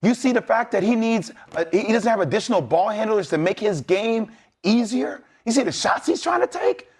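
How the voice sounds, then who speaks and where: A man's voice: high-pitched, animated, a little fast, breathy edge. A man, a former player, giving blunt, rallying talk as a guest on a sports debate show. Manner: blunt, rallying, streetwise slang.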